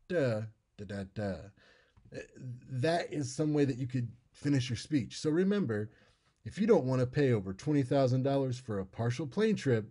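A man's voice: medium pitch, mellow. An American man giving an informal lecture on public speaking, conversational and repeating his key points.

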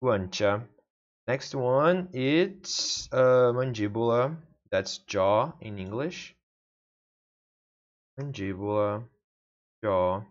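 A man's voice: mid-range voice, expressive, very slow, pauses often, lo-fi sound. A man whose first language is Portuguese, practicing vocabulary aloud in casual self-study and repeating each word over and over to himself. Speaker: language learner.

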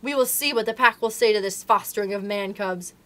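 A woman voicing a furious, arrogant male tiger who roars slow, old-fashioned threats in a storybook reading. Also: mid-range voice, pushed and bright, close to an everyday voice. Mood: snarling. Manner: slow, roaring, archaic threats.

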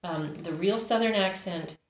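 A woman's voice: fairly low pitch, unhurried. A woman who narrates and produces audiobooks talks animatedly in an interview, laughing often. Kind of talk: interview conversation. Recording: roomy, muffled recording.

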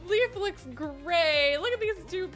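A woman giving excitable, gushing let's play commentary on a life-simulation game. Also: very high-pitched, slow, faint music behind. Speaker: gaming YouTuber.

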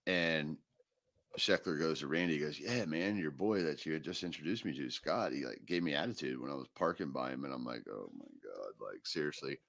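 Very deep-voiced man telling a story. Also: brisk. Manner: animated storyteller, laughs through punchlines. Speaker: podcast co-host. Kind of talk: casual storytelling chat.

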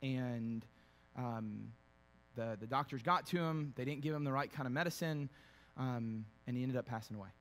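A man preaching a sermon as a pastor, shifting from quiet conversational storytelling with fillers to loud, emphatic preaching. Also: mid-range voice, moderate pace. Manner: conversational, with fillers and repeated words. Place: church sanctuary.

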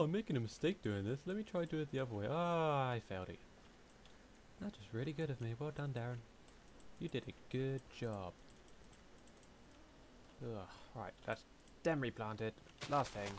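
A man's voice: medium pitch, expressive, normal speed, pauses often, a little hiss or hum. A young man giving casual let's-play commentary, chatty, talking to himself and humming as he plays. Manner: chatty, talks to himself, hums and mutters while playing. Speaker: gaming YouTuber.

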